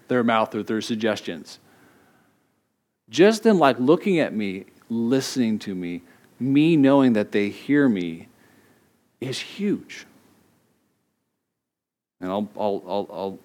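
A middle-aged man preaches in a relaxed, conversational way. He tells stories with animated quoted voices and frequent laughs, then drops into quieter reflective reading of scripture. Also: medium pitch. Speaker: pastor. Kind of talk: sermon.

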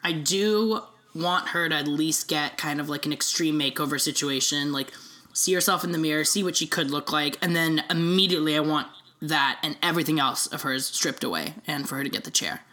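A young woman co-hosting a casual comedy podcast, talking in an animated, giggly way. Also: low-pitched, brisk. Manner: animated, giggly, acts out voices in quotes. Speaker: podcast co-host.

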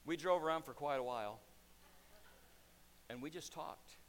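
Guy preaching in a church, fairly high forceful voice, goes quiet then loud, big reverb. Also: normal speed. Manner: preaching with dramatic swings from hushed to loud. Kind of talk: sermon. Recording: echoey hall reverb.

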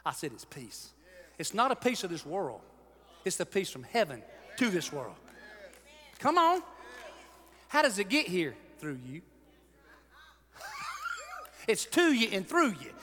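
A pastor preaching a sermon, animated, swinging between shouted lines and hushed ones. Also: male voice, high-pitched, slow, long pauses. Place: large church hall. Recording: long hall reverb.

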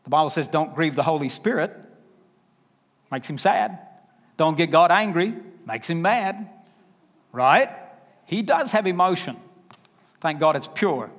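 A man with a Southern accent preaching a sermon, emphatic and conversational, dropping to quiet asides. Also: fairly high pitch, expressive, a little slow, pauses often. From Alabama. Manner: emphatic, varies loudness, drops to quiet asides. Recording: reverberant hall.

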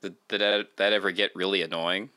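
A man's voice: low voice, level tone, a little fast, sharp tone, clear, resonant tone, dry recording. A man hosting a podcast interview, asking rambling questions full of fillers. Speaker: podcast host. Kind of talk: casual interview chat.

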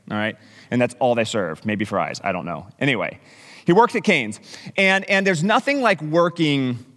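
Animated male pastor in a reverberant hall. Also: high-pitched. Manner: animated, conversational preaching with asides. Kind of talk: sermon.

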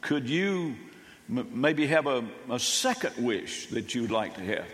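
A man's voice: mid-range voice, big pitch swings, unhurried, a bit bright, in a large hall. A man voicing a polite, matter-of-fact angel in a joke. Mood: deadpan.

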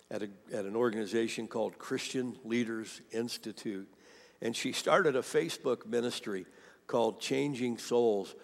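Male pastor, mid-pitched and gravelly, animated storyteller preaching to a congregation. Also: big-room sound. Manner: animated storytelling, quoting a woman's testimony, rising to fervent appeals. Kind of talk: sermon.

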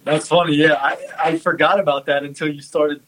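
A man in a casual sports chat, recounting anecdotes in a halting way with many fillers. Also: on the high side, little pitch movement, fairly bright tone, rough recording.

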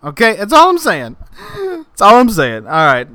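A comedic podcast host with a high, swooping voice that climbs whenever he works himself up. He rants with exaggerated outrage in a bright, smooth tone. The recording is close and dry. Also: wildly swooping pitch, normal speed, no room sound. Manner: exaggerated ranting, mock outrage. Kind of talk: comedic rant and sketch.

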